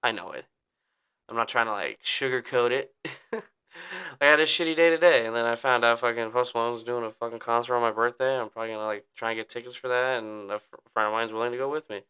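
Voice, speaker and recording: Talking fast in a steady, sharp, clean voice of medium pitch, this young man hosts a podcast and vents in a rambling, gloomy rant full of swearing and nonstop "like."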